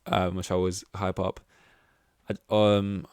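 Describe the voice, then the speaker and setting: A man's voice: deep voice, level tone, a little slow, darkish tone, clean tone, no room sound, studio quality. A young man hosting a casual solo podcast, rambling and chatty, with self-deprecating asides and lots of fillers. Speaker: podcast host.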